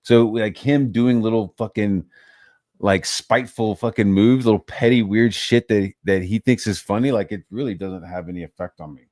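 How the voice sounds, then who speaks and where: Profane, ranting man with a low voice. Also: normal speed, no echo, studio quality. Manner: profane, animated, mocks others in put-on voices. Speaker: channel host. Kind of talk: casual ranting commentary.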